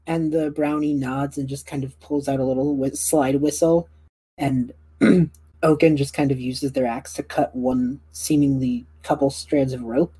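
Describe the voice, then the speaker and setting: A young woman narrating a tabletop game as game master, casual and full of fillers, clearing her throat now and then. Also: a bass voice, steady tone, unhurried, dark tone, no room sound.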